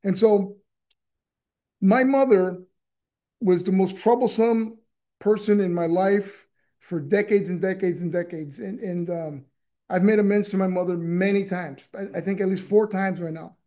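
High-voiced man sharing a rambling recovery story. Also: measured pace, dark tone. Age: middle-aged. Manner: rambling, repeats words, frequent restarts. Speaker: speaker at a recovery meeting. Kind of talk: personal testimony.

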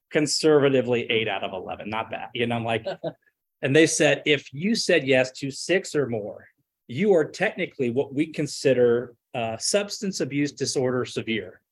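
A man's voice: mid-range voice, breathy edge. A man telling his own recovery story in a casual, self-deprecating way, acting out the voices he quotes. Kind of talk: personal testimony, casual storytelling.

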